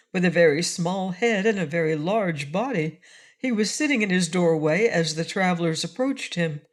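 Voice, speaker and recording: A woman narrating a classic children's storybook aloud in a steady reading voice. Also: fairly low pitch. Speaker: audiobook narrator.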